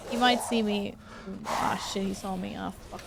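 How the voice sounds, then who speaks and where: A woman's voice: mid-range voice, fairly even intonation, normal speed, creaky, heavy background noise. A woman, streaming a horror game live, swearing and exclaiming at the game and chatting with her viewers. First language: Swedish. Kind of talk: live gameplay commentary.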